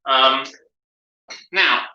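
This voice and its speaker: A man from England chatting casually while he mixes a cocktail on a live stream, rambling through quick asides. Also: mid-range voice, bright, forceful tone, far from the mic, lo-fi sound. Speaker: co-host making cocktails. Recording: roomy, off-mic.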